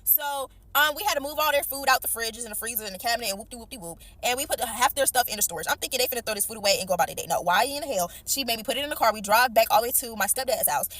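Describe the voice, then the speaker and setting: Young woman, casual storyteller, very fast and slangy, slightly high voice, dry close sound. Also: dry recording. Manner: animated, slangy, acts out quoted lines.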